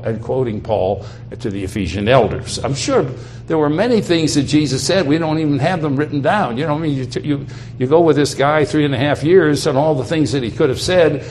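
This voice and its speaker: A man's voice: mid-range voice, a little mellow, slight background noise. A man preaching a sermon. He speaks emphatically and repeats key phrases for weight.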